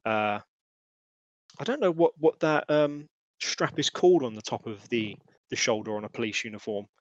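A man narrating as game master, halting with many fillers. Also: mid-range voice, no room sound, lo-fi sound. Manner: hesitant, filler-heavy narration.

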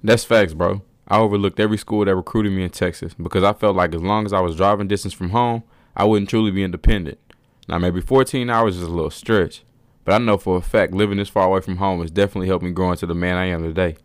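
A man's voice: deep voice, fairly even intonation, fast talker, dry recording. A young man co-hosting a casual podcast, hype and slangy. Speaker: podcast co-host.

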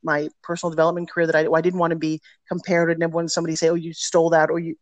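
A middle-aged woman, a personal development teacher, telling stories in an energetic, emphatic way as a guest in a casual interview. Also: low voice, very fast, no room sound.

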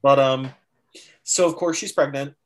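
A man co-hosting a casual podcast chat, recapping a film in an animated, jokey way and acting out characters' lines. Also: medium pitch, a little slow. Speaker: podcast co-host.

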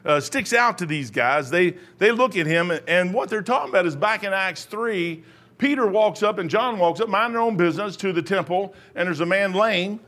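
A middle-aged man delivers a sermon in a high voice. He drifts off the passage into joking stories from his own life, then circles back to the scripture. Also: lively intonation, normal speed, a bit bright. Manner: rambling, jokey asides. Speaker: preacher.

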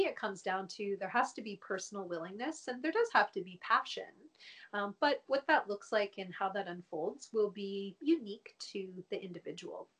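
A woman psychologist speaking as a podcast guest, explaining in a measured way and laughing easily. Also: mid-range voice, fairly bright tone. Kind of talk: podcast interview.

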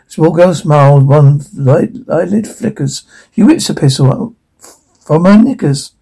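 A man's voice: on the high side, unhurried, vocal fry, breathy edge, poor audio. A man playfully reading a rhyming fairy tale aloud to children. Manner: playful, expressive. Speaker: storyteller.

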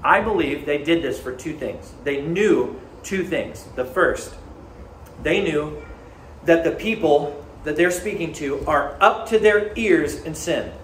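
A man's voice: fairly high pitch, slow pace, fairly bright tone. A man preaching a sermon as pastor, talking in a conversational, earnest storytelling way. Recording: echoey room, faint ambient noise.

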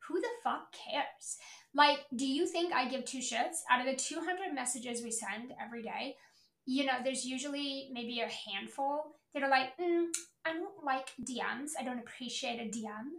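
A woman's voice: sits high, creaky, a bit bright, reverberant. Brash, profane woman podcast host. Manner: brash, profane, impatient, emphatic. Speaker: podcast host, business owner. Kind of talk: blunt motivational podcast monologue.

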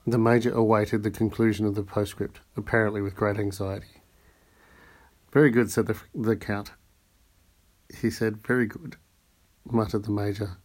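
A man narrating a classic novel as an amateur audiobook reader, his voice sitting on the low side. He now and then stumbles over a word and starts it again. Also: flat delivery, normal speed, a little mellow. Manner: reads with occasional slips and restarts.

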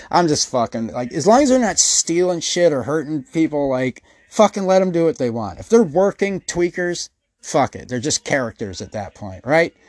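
A man rants on his podcast, swearing constantly and slipping into quick impressions of the people in his stories. His voice sits a little higher than most men's. The recording is dry and close, with no room around it. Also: no echo. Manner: swears constantly, rambling storyteller who acts out quotes. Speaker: podcast host. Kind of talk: profane comedic rant.

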